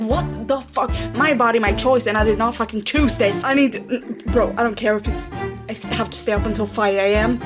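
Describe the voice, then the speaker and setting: Young woman vlogger, higher-pitched, blunt and profane, over background music. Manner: blunt, swears constantly, ranting. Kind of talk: casual vlog talk.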